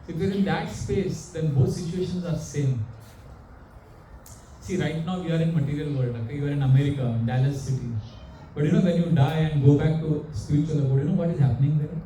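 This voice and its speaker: A man's voice: a little high, slight background noise. Man preaching. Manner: animated, questioning the audience. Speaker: monk preacher. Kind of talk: sermon with storytelling. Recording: echoey room, mic far off.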